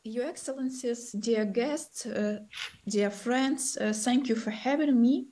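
Woman official, formal and deliberate, slow delivery, video call. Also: fairly high pitch, warm tone. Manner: formal, deliberate with frequent "uh" pauses. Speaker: government representative, panelist. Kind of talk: formal panel remarks.

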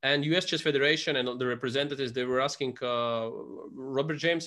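A man hosting a relaxed chat, winding through anecdotes with plenty of pauses and fillers. His voice sits at an ordinary middle pitch. He talks casually and loosely. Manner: rambling storyteller, filler-heavy. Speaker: host. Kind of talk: casual video conversation.

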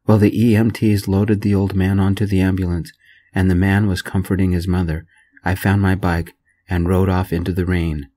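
A man telling a story in a gentle, soft-spoken reading voice. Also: low voice, little pitch movement, moderate pace.

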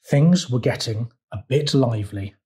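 A man reads a children's picture book aloud at a mid-range pitch. His delivery is gentle and easygoing, and he pauses to point out things in the pictures for young listeners. The tone stays warm and unhurried. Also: lively intonation. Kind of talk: children's storytime read-aloud.

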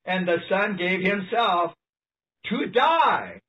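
A man preaching an animated, emphatic sermon, reading passages aloud and laughing often. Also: high-pitched, takes it slowly. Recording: distant mic, dull lo-fi sound.

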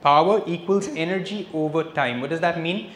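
Lively man lecturing. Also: a little high, normal speed. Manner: lively storyteller, switching between English and Hindi phrases. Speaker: spiritual lecturer. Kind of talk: public spiritual lecture. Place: lecture hall, indoors. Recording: echoey hall with faint noise.

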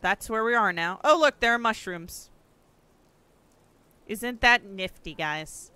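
A young woman giving excitable let's play commentary, swearing often and yelping at the screen. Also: mid-range voice, slow pace, clear, resonant tone, no room sound. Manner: excitable, swears a lot, yelps and shouts at the screen. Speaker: gaming streamer.

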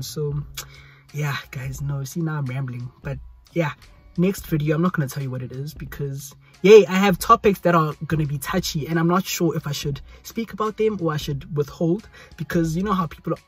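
Husky-voiced young South African man. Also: fairly high pitch, a little fast, faint music behind. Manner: chatty, rambling, repeats pleas. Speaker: YouTuber. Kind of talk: casual vlog talk to camera. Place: hot indoor room. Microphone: phone selfie camera.

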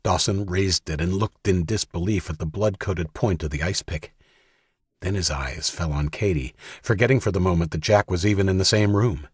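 A man narrating an audiobook in a steady, measured storytelling voice. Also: deep voice, husky, no echo, studio quality.

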